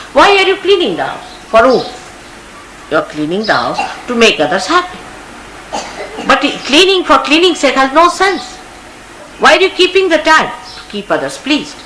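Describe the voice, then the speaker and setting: A woman's voice: high-pitched, sing-song, moderate pace, fairly bright tone, poor audio. A woman with an Indian English accent, a spiritual teacher giving a storytelling discourse that acts out the people she quotes. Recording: hissy archival 1980s tape recording.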